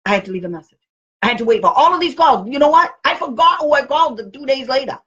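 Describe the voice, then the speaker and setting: A woman's voice: high-pitched, expressive, fast, a bit bright, slightly rough, lo-fi sound. A woman special education advocate talking casually to camera, blunt and outspoken, often laughing as she speaks.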